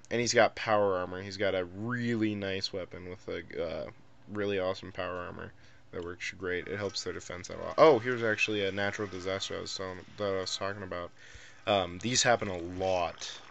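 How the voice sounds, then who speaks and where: Young man, low-ish pitch, bright tone, monotone rambling gameplay commentary with lots of filler. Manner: monotone, rambling, many ums. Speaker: gameplay video creator.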